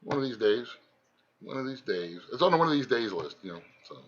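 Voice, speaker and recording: A man's voice: mid-range voice, very animated, brisk, muffled recording. A man from Ohio with a thick Southern Ohio country accent, chatting casually and bluntly in a folksy drawl as host of his livestream. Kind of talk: casual chat.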